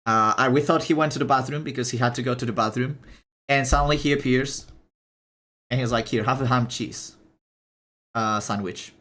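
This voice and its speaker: Halting, confiding young man streamer. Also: mid-range voice, fairly bright tone. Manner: rambling and halting, with many restarts and fillers; emotional and confiding. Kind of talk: casual live-stream storytelling.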